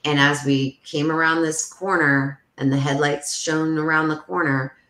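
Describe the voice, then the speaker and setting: A woman with a low voice tells her story with lively energy, peppering it with "like" and acting out every voice. The sound is roomy with a clear echo. It has the feel of a casual podcast chat. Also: normal speed. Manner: animated, full of "like", acts out the voices in her story. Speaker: podcast guest.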